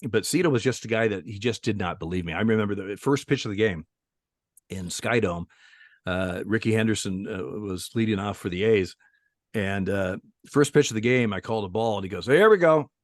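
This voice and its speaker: An older man in his sixties tells stories with frequent chuckles and restarts. He sounds like a retired umpire on an interview. His voice is low-pitched and recorded dry with no room sound. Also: brisk, dry recording. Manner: chuckling storyteller with many restarts. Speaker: retired baseball umpire, guest. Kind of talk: casual anecdote telling in an interview.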